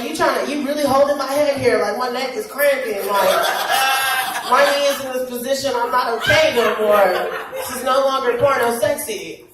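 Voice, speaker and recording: A woman doing a crude, brash stand-up comedy set on a club stage, speaking with a handheld mic. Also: on the high side. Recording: echoey club from far off, noisy. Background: audience laughter.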